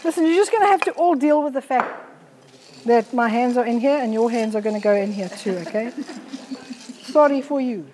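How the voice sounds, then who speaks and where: A woman's voice: a little high, normal speed, noisy background. A middle-aged woman, giving a blunt, forthright live health talk to an audience on a handheld mic. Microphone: handheld microphone.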